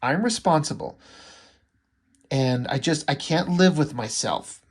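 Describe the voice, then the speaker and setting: A man's voice: a little high, a little slow. A man reading out the lines of a guilt-ridden, desperate young husband from a comic book. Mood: guilty, desperate.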